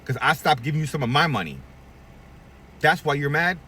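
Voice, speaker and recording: Blunt, profane barber with lively pitch. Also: male voice, a little fast, recorded from a distance, slight background noise. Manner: blunt, profane, preachy, acts out quoted voices. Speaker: barbershop owner. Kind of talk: candid advice rant to camera.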